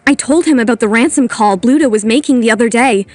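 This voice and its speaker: Narrator for an animated story, teen schoolgirl, brave and sarcastic, high bright voice, a woman reading. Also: fast, no room sound, lightly acted. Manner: sarcastic, determined.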